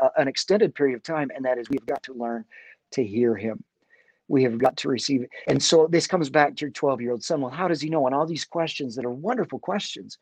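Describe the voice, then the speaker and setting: A middle-aged man speaking earnestly as a guest, often halting and restarting his sentences. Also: on the high side, dry recording. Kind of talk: faith conversation.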